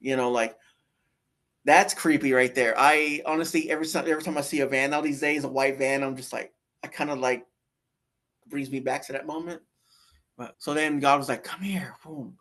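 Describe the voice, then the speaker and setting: A man's voice: mid-range voice, fairly even intonation, moderate pace, a bit bright. A man telling his near-death story in a casual, rambling way, with many fillers and restarts. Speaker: guest sharing a near-death experience.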